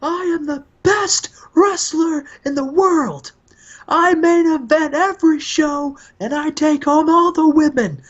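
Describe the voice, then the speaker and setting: A man putting on a loud, boastful veteran wrestler cutting a hollering promo. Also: very high-pitched, slow, muffled recording, pitched above the performer's own voice, heavily acted.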